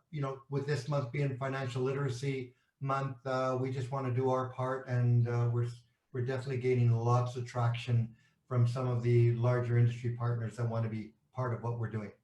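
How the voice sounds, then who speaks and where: Canadian executive in an echoey room. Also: male voice, medium pitch, level tone, fairly quick, darkish tone. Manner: explains with analogies and rhetorical questions, frequent restarts. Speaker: company executive. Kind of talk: interview about a company's products.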